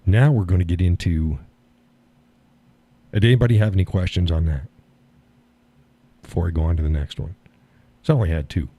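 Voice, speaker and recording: A man's voice: low voice, brisk, pauses often, warm tone, slightly rough. A man hosting a live stream, chatting casually, often laughing, folksy and blunt with casual swearing. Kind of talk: casual chat.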